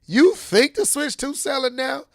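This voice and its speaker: A high-pitched man riffs on video games on a podcast, excitable and playful, his speech loose and slangy. His voice sits high for a man and is recorded dry and close, with no room sound around it. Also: measured pace, creaky, dry recording. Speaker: podcast co-host. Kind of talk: casual gaming chat.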